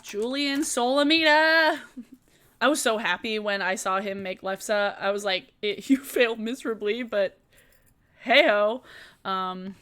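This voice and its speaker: A woman's voice: medium pitch, steady tone, moderate pace, few pauses, fairly bright tone. A young woman hosting a casual live-stream Q&A, chatty and laughing often, swearing casually as she answers chat questions.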